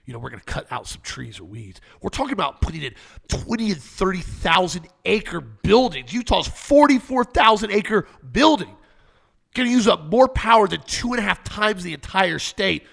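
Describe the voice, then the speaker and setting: A male co-host of a talk show who tells stories in a lively way and acts out the dialogue he quotes. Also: high voice, normal speed, creaky. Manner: animated storyteller acting out quoted dialogue. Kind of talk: conservative health talk show banter.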